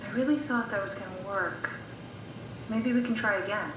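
A woman's voice: normal speed, natural voice. An actress playing a coaxing woman scientist. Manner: soothing, coaxing. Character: calm woman scientist speaking to a waking man. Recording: echoey, distant game audio over rumble.

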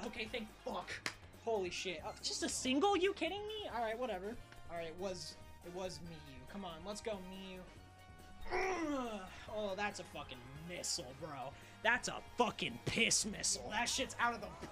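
A woman streamer swearing and muttering at a baseball video game as she plays, exasperated and a bit out of breath. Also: mid-range voice. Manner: profane, exasperated, talks to the game. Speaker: gaming streamer. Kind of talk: casual gameplay commentary.

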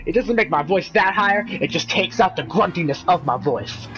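A man commenting deadpan as he plays a video game, playing the straight man to a comic partner. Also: high voice, moderate pace, soft background music. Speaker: gamer. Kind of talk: comedic gameplay commentary.

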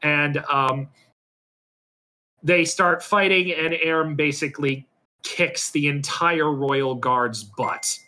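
Slightly high, bright male storyteller, casual and halting, on a computer mic. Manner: hesitant, full of ums and restarts. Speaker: storyteller recapping a role-play episode. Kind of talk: casual retelling over voice chat. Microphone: computer mic on a voice call.

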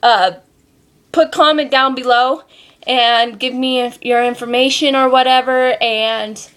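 A woman's voice: high voice, steady tone, a little slow, fairly bright tone. A young woman chatting casually in a home vlog, rambling with lots of ums and a loose, sweary way of talking. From Colorado, USA. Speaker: vlogger.

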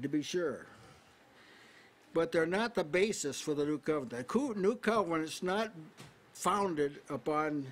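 A man preaching an expository sermon at a small house church, measured and repetitive, slowing on key words. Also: a little high. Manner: measured, repeats phrases, slows on key words.

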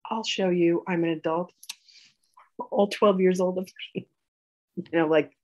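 A woman telling a personal story in a healing session, animated, acting out arguments and laughing. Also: on the low side, measured pace, dull audio.

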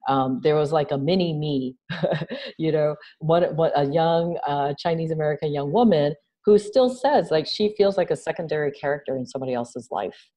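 Brief: woman guest from New York City, low warm voice, animated interview talk. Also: normal speed. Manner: animated, acts out quoted dialogue, frequent "right?". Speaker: interview guest, nonprofit founder. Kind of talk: conversational interview.

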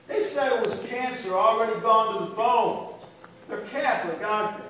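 Man, poetry reading, solemn and unhurried, very high pitch, heavy room echo. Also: fairly bright tone. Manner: measured, solemn, unhurried delivery. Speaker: poet reading his work. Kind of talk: spoken-word poetry reading. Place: indoor live venue. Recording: echoey room, distant mic, faint hiss.

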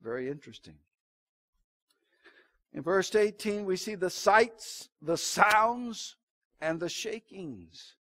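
A pastor giving an evening church sermon, preaching dramatically and swinging between loud emphatic lines and low hushed asides. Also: male voice, expressive, takes it slowly, pauses often.

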